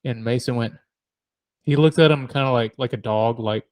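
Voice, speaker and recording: A middle-aged man with a drawl, telling long rambling stories on a podcast. He laughs a lot and acts out the noises in his tales. His voice sits at a medium pitch and sounds dry and close to the mic. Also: moderate pace, a little mellow, dry recording. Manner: rambling storyteller, laughs often, mimics noises. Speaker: podcast co-host. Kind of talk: casual chat.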